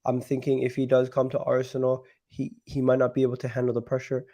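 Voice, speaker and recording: A man hosting a casual football talk show, sounding sick and nasal, talking haltingly with many restarts. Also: mid-range voice, monotone, dark tone. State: sick, nasal and deeper than usual. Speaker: football channel host.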